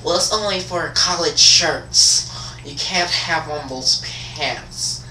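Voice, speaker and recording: A man's voice: slow pace, pushed and bright, reverberant, far from the mic, slight background noise, full character voice, low-quality recording. A teen guy doing a whiny school administrator. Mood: scolding. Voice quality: high, whiny put-on voice. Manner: prim, scolding. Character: fussy, nagging school administrator.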